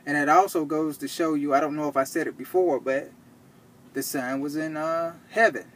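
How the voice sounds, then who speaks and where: A man teaching from the Bible, reading verses slowly and checking in with "okay?" after each point. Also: fairly high pitch, steady tone, a bit bright. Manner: reads verses slowly and deliberately. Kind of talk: scripture teaching to camera.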